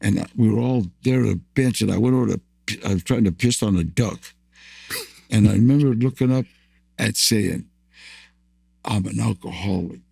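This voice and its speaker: A man's voice: lowish voice, fairly quick, gravelly, a little mellow, breathy edge, dry recording. An older man from the United States, a guest in an interview, tells rambling stories of his past, repeating words and laughing often. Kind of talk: storytelling interview.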